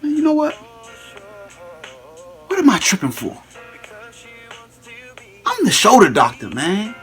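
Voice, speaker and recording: A man's voice: high-pitched, wildly swooping pitch, slow, fairly bright tone, faint music behind, full character voice. A young man playing a boastful shoulder-doctor dad. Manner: lecturing, with casual slangy asides. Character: boastful middle-aged father who is a shoulder doctor. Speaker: student performer in a school skit. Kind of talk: comedic skit with a medical lecture.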